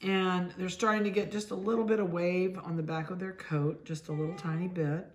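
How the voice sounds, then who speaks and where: A middle-aged woman from Ohio, a dog breeder, chatting casually as she handles puppies and talks softly to them. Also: lowish voice, fairly even intonation, fairly quick, slight background noise.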